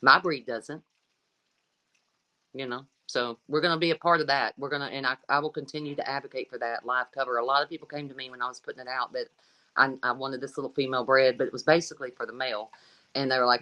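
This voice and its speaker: A woman's voice: a bass voice, fast, pushed and bright, poor audio. Blunt, folksy woman dog breeder. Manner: folksy, blunt, swears freely. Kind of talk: casual interview talk.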